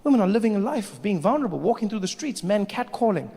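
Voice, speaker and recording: Animated high-voiced male stand-up comic. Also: fast talker, breathy edge. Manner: animated storytelling that slips in and out of character voices. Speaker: stand-up comedian. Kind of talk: stand-up comedy set. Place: live comedy stage in a large hall. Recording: stage mic with long hall reverb, faint hiss.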